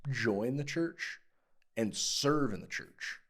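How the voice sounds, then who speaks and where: A man's voice: mid-range voice, lively intonation, takes it slowly, a bit bright. A male church leader in a casual sermon discussion, thinking aloud as he talks and often restarting his sentences.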